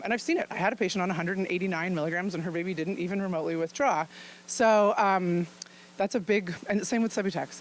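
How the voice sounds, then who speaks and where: A woman's voice: medium pitch, slight background noise, low-quality recording. A woman physician giving an informal talk to an audience. She speaks frankly and chattily and laughs often as she explains things. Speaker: physician presenting at a luncheon.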